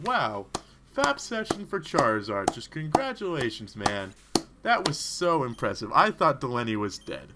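A man giving rambling, excitable gaming commentary, talking back to the characters on screen. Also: mid-range voice. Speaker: let's play host.

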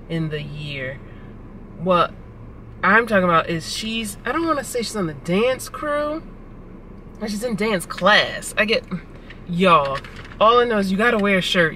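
A woman's voice: lowish voice, a bit bright, a little hiss or hum, low-quality recording. A woman vlogging while she drives, telling stories in a chatty way and calling her viewers y'all. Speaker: family vlogger. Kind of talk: casual chat to camera. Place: in a car on city streets.

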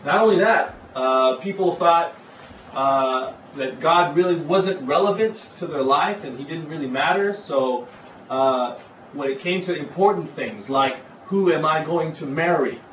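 Male pastor, fairly high voice, preaching casually with many "uh"s, recorded from afar in an echoey hall. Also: a little slow, slight background noise. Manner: conversational, frequent "uh" fillers. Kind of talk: sermon. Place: church hall. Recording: echoey hall, far from the mic, dull.

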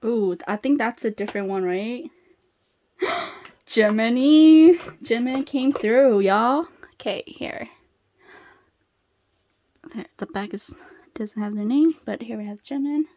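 A woman vlogging an unboxing in a casual, chatty way. Her voice sits a little high and her pace is slow and easy, with bursts of gasps and squeals at every surprise. Between reveals she drops to soft, almost whispered murmurs. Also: highs cut off. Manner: excitable, gasping and squealing over each reveal.

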